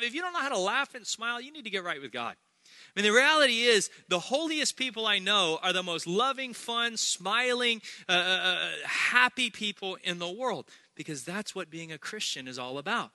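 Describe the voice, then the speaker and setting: A man preaching a sermon as pastor, energetic and humorous, repeating key phrases for emphasis. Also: high-pitched, normal speed, dry recording.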